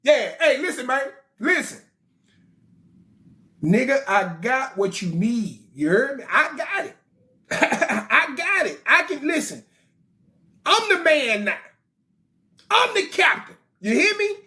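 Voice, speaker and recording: A man voicing a cocky male alien rebel who boasts and makes demands over a phone call in loud slang. The voice sits well above his own. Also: very high-pitched, very animated, slow pace, pauses often, full character voice. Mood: boastful.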